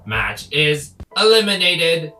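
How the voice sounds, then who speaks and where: A man voicing a stiff, formal game-show announcer with an awkward, slow cadence. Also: fairly high pitch, very animated, sharp tone, soft background music, voice pushed up, full character voice.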